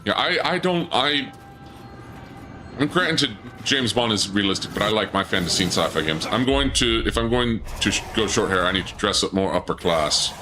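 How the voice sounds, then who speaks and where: A man's voice: fairly low pitch, moderate pace, background noise. A man streaming a video game, chatting playfully with his viewers and reading their messages aloud. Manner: playful, reads chat aloud, bursts into excited shouts. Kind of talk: casual let's play chat with viewers.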